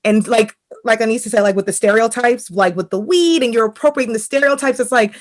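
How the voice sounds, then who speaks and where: A woman's voice: on the high side, fast talker. Opinionated woman podcast co-host. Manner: emphatic and opinionated, with lots of "like". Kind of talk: casual chat.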